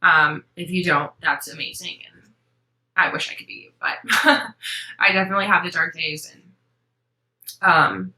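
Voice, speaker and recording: A young woman chats to camera about her stitching, sentimental and rambling, filling pauses with ums. Her voice sits a little low but sounds very bright and sharp. The room around her is roomy and echoey. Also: animated. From Florida. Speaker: cross-stitch vlog host. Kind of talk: casual chat to camera.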